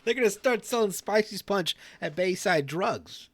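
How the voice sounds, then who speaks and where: A man's voice: high voice, expressive, moderate pace, no room sound. A man playing a goofy talk show host in a role-play game, joking around in casual banter with frequent stammered restarts. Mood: easygoing banter.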